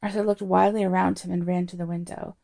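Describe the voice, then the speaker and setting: Gravelly woman reading a novel aloud. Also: on the low side, flat delivery, fast, mellow. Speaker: narrator.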